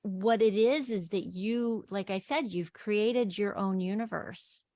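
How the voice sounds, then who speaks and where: A woman with a light Texan accent hosts a casual interview, enthusiastic and a little halting as she finds her words. Her voice sits at a middle pitch. The sound is dry and close. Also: mellow, dry recording. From El Paso, Texas. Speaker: podcast host.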